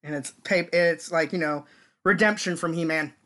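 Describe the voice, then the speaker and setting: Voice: mid-range voice, moderate pace, a bit bright. A podcast co-host in their forties, chatting casually and laughing often. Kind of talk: casual chat.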